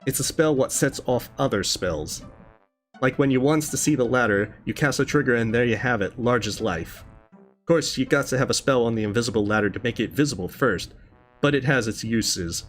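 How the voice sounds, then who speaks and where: Man voicing a chatty old hermit, rambling and friendly, plain everyday voice, middle pitch, faint game music behind. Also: lively intonation, brisk, natural voice. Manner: read plainly in his own voice, no accent attempted.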